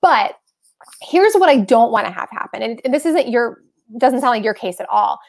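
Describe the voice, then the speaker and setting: A woman hosting a live stream, giving tax advice in a chatty, frank, animated way. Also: fairly high pitch, moderate pace, gravelly. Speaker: host giving tax tips.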